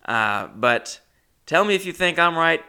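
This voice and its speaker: A young man hosts his own podcast, telling a story in a loose, rambling way full of self-mocking asides. His voice has a gravelly fry and a bright, forceful tone. He swings between loud bursts and muttered remarks. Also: on the high side, sing-song, measured pace. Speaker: podcast host. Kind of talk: casual storytelling monologue.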